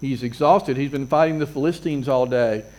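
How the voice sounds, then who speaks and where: A man's voice: mid-range voice, normal speed, a little mellow. A man preaching a sermon as a pastor, earnest, repeating phrases and building emphasis.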